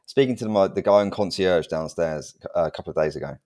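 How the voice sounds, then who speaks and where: A man's voice: sits low, fast talker, darkish tone. A man co-hosting a podcast, speaking in an earnest, emphatic way and swearing casually. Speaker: podcast co-host. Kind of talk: casual chat.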